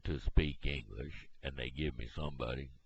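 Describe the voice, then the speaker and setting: A man doing a gruff old cowboy. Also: very deep voice, steady tone, normal speed, slight background noise, voice pushed down. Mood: grumbling. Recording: dull lo-fi home recording.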